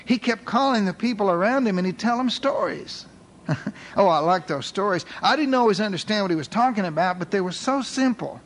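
A man voicing an eager, curious male newspaper reporter who talks in a folksy, excited way, wondering aloud. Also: high-pitched, slight background noise.

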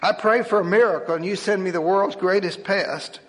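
A man's voice: sits high, moderate pace, a bit bright, voice pushed up. A man voicing an injured male pastor who pleads in a quivering voice, as a storyteller reads a tale aloud. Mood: exasperated. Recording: long hall reverb.

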